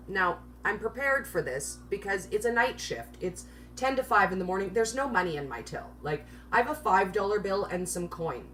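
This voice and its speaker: A woman's voice: medium pitch, a bit bright. Woman telling a story to camera, chatty and self-mocking, bit far from the mic, faint hum behind. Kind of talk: casual storytelling.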